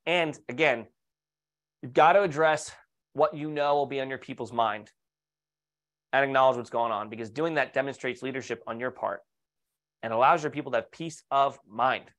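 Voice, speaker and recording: A leadership coach gives an online webinar talk on leadership to architects, sounding upbeat and persuasive as he uses rhetorical questions and client stories. His voice is mid-range and a bit bright.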